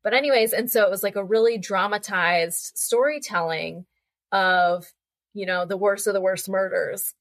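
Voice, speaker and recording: A young woman guest on a podcast, telling animated, chatty anecdotes and acting out voices as she goes. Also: mid-range voice, moderate pace, no echo. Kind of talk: casual storytelling conversation.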